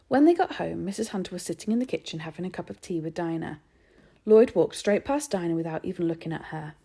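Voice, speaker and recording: A woman narrating a children's novel aloud in an expressive storytelling manner. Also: fairly low pitch, quick pace, vocal fry, husky.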